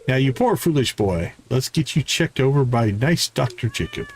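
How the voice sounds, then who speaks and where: A man's voice: mid-range voice, sing-song. A man doing a cooing, doting pet owner. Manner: tender, fussing, slow cooing. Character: doting pet owner fussing over a cat. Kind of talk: reading game dialogue aloud in voices.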